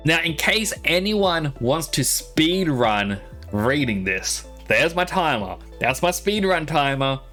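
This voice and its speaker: A man's voice: mid-range voice, a bit bright. A man streaming live, chatting casually and rambling with laughs, his throat dry from talking for a long time.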